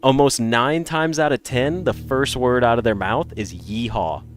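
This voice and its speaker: A man with an American accent, a little congested, chatting casually with viewers in a rambling, animated way. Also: mid-range voice, moderate pace. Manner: animated, rambling, swings between loud bursts and mutters. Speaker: streamer.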